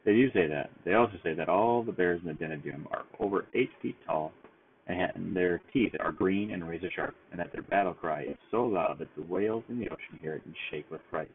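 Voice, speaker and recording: A big, easygoing bear who loves to tease, as a man reading a storybook puts him on. His voice sits low and relaxed, jovial throughout. The recording is thin and tinny, like a phone call. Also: brisk, a little hiss or hum. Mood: teasing. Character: big easygoing male bear, cheerful and teasing.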